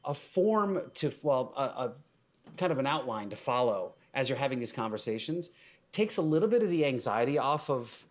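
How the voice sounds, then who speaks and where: A man's voice: medium pitch, very animated, moderate pace. A man guesting on a podcast, giving casual conversational advice with frequent fillers and restarts.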